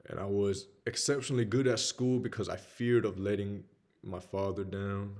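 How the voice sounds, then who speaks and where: A man's voice: on the low side, fairly even intonation, moderate pace, a little mellow. A young man with a Southern US accent giving a blunt, candid motivational talk about his own life. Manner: blunt, slangy, peppered with "man". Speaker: motivational speaker.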